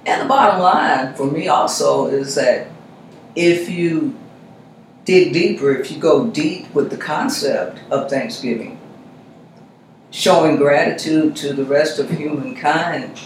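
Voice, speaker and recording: A man, a reverend, talking through faith and health in a measured, reflective way. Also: on the high side. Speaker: reverend, guest. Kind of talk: conversational discussion. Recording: very echoey room, faint noise.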